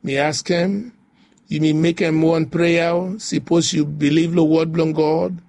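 A man's voice: a little high, fairly even intonation, a little slow, creaky, a little mellow, no echo. A man preaching a devotional sermon, repeating phrases in a rhythmic, rising way. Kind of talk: devotional sermon in pidgin English.

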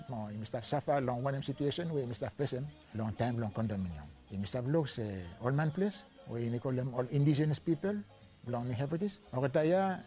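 An older man from Vanuatu with a Bislama-speaking ni-Vanuatu accent, slowly recalling his life in an oral history interview and mixing in English and French words. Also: a little high, mellow. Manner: slow, searching, mixes Bislama with English and French.

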